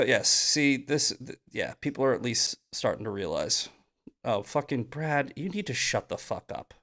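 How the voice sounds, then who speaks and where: A man hosting a political monologue on a live stream, mocking his critics, swearing and shouting at points. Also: medium pitch, sing-song, normal speed. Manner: angry, profane, shouting bursts. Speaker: host.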